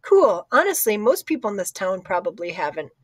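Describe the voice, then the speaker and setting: A woman's voice: medium pitch, very animated, a little fast, no echo. Bubbly teen girl, read by a woman; chatty, upbeat, dry audiobook read. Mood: cheerful. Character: cheerful teenage girl library helper, quick to laugh. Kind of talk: audiobook character voice.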